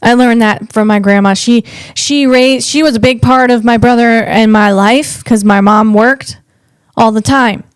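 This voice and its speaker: A woman's voice: a little high, steady tone, measured pace, clear, resonant tone, no echo. A woman from the Northeast US hosting a casual comedic podcast, chatty and rambling, often restarting her sentences.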